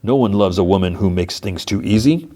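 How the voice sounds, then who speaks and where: A man's voice: on the low side, a little fast, dark tone, close to an everyday voice. A man retelling the lines of a lovesick, oblivious male monster in an earnest, matter-of-fact way.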